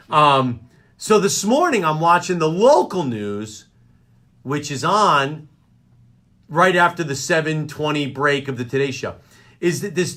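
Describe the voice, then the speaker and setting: A man hosting a live radio comedy show, ranting in an exasperated, animated way about everyday annoyances. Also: fairly high pitch. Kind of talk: comedic rant. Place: radio studio.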